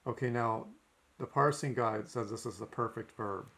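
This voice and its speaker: Speaking at normal speed in a medium-pitched, slightly bright voice, a male teacher records a language lesson. He goes through his notes methodically, dropping an "okay" between points.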